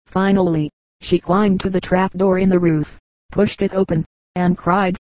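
A woman narrating humorous anecdotes for an audiobook in an even, measured way. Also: on the low side, dry recording, poor audio. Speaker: audiobook reader.

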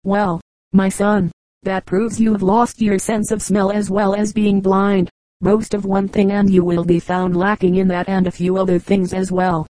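A woman's voice: medium pitch, level tone, unhurried, dark tone, dry recording, lightly acted, poor audio. A woman voicing a wise mother mole in a storybook fable, firmly lecturing her son. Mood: scolding. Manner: firm, lecturing.

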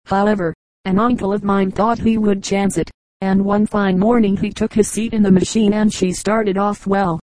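Woman reader doing a matter-of-fact male traveling salesman, mellow voice, storybook. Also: mid-range voice, flat delivery, moderate pace, dry recording, close to an everyday voice, low-quality recording. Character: chatty puzzling male commercial traveler.

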